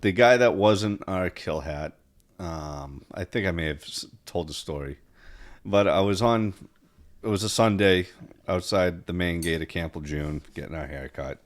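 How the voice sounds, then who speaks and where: A man who is a Marine veteran, talking in a relaxed, rambling way with lots of fillers. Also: sits low, unhurried. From United States. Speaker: podcast host, Marine veteran. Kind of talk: casual conversation.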